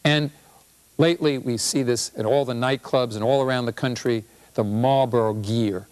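A man, a physician and professor, giving a humorous public health talk with an animated, punchy delivery. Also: mid-range voice, moderate pace.

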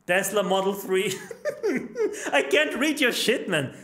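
High-pitched guy streaming a horror game, freaks out n swears, voice jumps all over. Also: sing-song, slow, long pauses, fairly bright tone. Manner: crude, panicky, yelping and swearing at scares.

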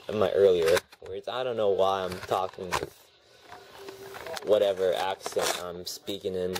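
A man's voice: sits low, fairly even intonation, measured pace, noisy background. A man doing a rambling, sarcastic unboxing review at home, grumbling at the packaging. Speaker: toy reviewer. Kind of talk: casual unboxing commentary. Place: home room with TV on behind. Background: TV and a snoring dog.

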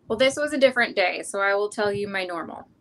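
A middle-aged woman talks about her art in a loose, unhurried way, filling pauses with ums. Her voice sits at an ordinary mid pitch. The talk wanders easily from one thing to the next. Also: poor audio. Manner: relaxed, rambling, frequent ums. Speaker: artist guest. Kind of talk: casual interview chat.

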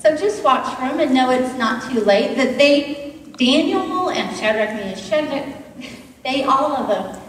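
A woman preaches earnestly in a church, speaking directly to her listeners. Her voice is high and sits back from the mic. It echoes heavily around the large hall. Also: lively intonation, unhurried, distant mic. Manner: earnest, direct address to the congregation. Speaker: guest speaker. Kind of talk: sermon.

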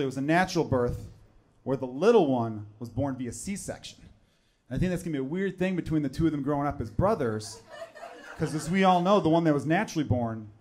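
A man, performing a stand-up comedy set on stage. He talks conversationally and jumps into loud, exaggerated voices when acting out other people. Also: fairly high pitch. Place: comedy club stage with laughing audience.

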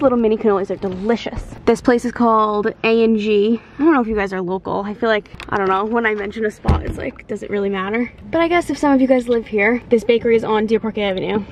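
A woman's voice: on the high side, brisk, muffled recording, slight background noise. Bubbly, chatty woman vlogger. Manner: bubbly, chatty, easily excited. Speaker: lifestyle vlogger. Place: shops, car and home kitchen. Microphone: camera mic, handheld then tripod.

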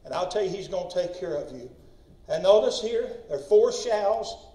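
A man preaches with fiery passion in a church. His voice sits high and climbs as he presses his point. The sound is roomy and distant, picked up from far off in an echoing sanctuary. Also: lively intonation, normal speed. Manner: impassioned preaching, shouts in story voices. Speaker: pastor. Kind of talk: sermon.

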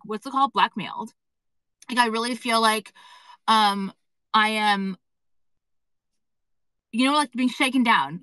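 A woman's voice: fairly high pitch, sharp tone, dry recording, poor audio. A woman who owns a fashion brand, rambling and venting in a casual phone live stream, swearing often and filling with "like". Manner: rambling and exasperated, heavy swearing and fillers. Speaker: fashion brand owner livestreaming to followers. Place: indoors at an appointment.

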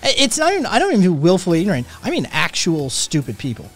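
A man's voice: sits high, huge pitch swings, fast talker, fairly bright tone, faint music behind. A man who says he is sick and in pain, ranting with constant swearing while he reads and answers his chat. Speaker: streamer. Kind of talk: ranting live stream chat.

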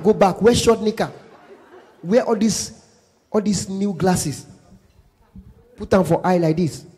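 Animated high-voiced Nigerian comedian. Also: male voice, slightly rough. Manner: animated storytelling in pidgin-laced English. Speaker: stand-up comedian. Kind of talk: stand-up comedy. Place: live show venue.

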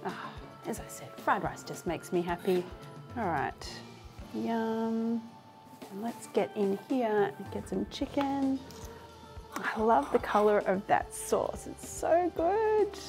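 A woman's voice: medium pitch, slow pace, music in the background. A woman in her thirties hosting a cooking show from her home kitchen. She talks casually and enthusiastically through the recipe and laughs often.

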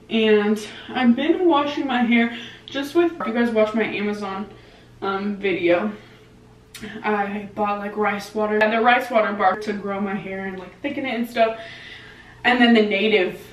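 A young woman telling a story in a casual vlog, animated and swearing freely, with lots of "like" fillers. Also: mid-range voice. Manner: animated, profane, lots of "like" and reenacted dialogue. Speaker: vlogger. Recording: echoey room, mic at a distance.

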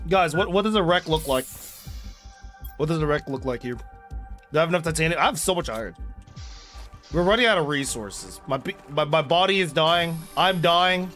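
A young male streamer with a high, bright voice, chatting loudly and crudely to his viewers over a desk mic. He rambles, swears and breaks into yells, with faint game music underneath. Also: expressive, moderate pace, pauses often. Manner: loud, rambling and profane, bursts into yelling. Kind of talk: casual live-stream chat while gaming.

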